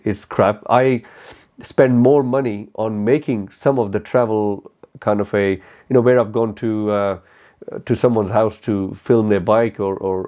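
A man talks casually to camera, answering his viewers' questions with blunt honesty. His voice sits fairly low, and he rambles through fillers and restarts. The recording sounds a little muffled and lo-fi. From India. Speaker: motorcycle YouTuber.

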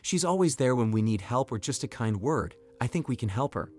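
A kindly, caring older woman, read out by a man in a storytime video, her lines kept in the narrator's even, lively-pitched voice. Faint music plays behind her. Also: fairly quick, lightly acted.

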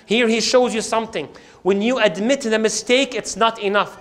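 A man giving a religious lecture as a story, animated, acting out quoted speech and putting questions to his audience. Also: high-pitched, normal speed. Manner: animated, acts out quoted speech, recites scripture passages; asks the audience questions and answers them.

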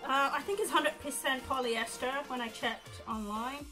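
A woman's voice: high-pitched, normal speed, music in the background, rough recording. A young woman chatting casually on camera at home, rambling and giggling through a fashion haul. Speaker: fashion vlogger. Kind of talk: casual haul video chat.

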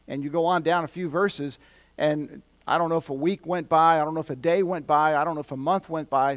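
A male pastor giving a sermon, talking conversationally and building to loud, emphatic points. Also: fairly high pitch.

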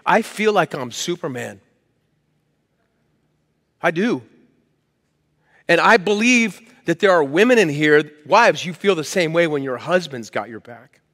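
A man's voice: fairly high pitch, lively intonation, measured pace, long pauses, fairly bright tone, in a large hall. A man preaching a sermon as pastor, in a conversational, emphatic way. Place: church hall.

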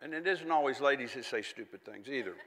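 A man's voice: medium pitch, animated, quick pace, in a large hall, a crowd in the background, background noise. A man preaching a sermon in a folksy, conversational way, with chatty asides and little laughs.

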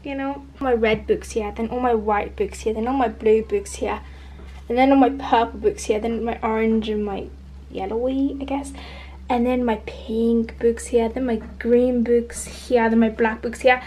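A woman's voice: on the high side, fairly even intonation, normal speed, dark tone, a little hiss or hum. A woman chatting in a bubbly, rambling way as a book vlogger. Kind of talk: chatty vlog.

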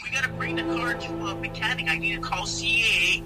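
A man's voice: sits high, fairly quick. A young man, heated and slangy, arguing on a phone call with his fiancée. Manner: exasperated, lively, slangy. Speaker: prank target, fiancé. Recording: distant phone-call audio under loud music.

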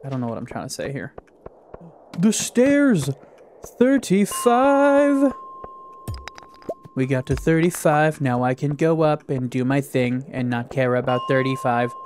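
A man giving casual let's-play commentary, excitable, talking back to the game and swearing often. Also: mid-range voice, a little fast, few pauses, slight background noise. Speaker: gaming YouTuber.

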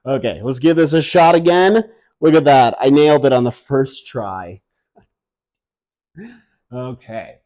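In an unhurried, medium-pitched voice that's a little mellow and full of pauses, a man from upstate New York rambles through a casual vlog about plants. He's playful and self-mocking with his viewers, filming inside a home with high ceilings.

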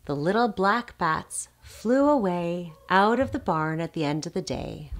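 A woman's voice: on the low side, animated, measured pace, hardly any pauses. A woman speech therapist reading a picture book aloud to small children, asking the child questions and making animal sounds.

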